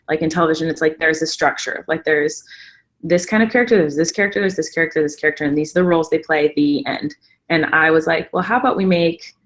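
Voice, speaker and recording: On a casual live stream, a woman talks at length in an enthusiastic, rambling way, filling her speech with many fillers. Her voice sits on the low side with a fairly bright tone.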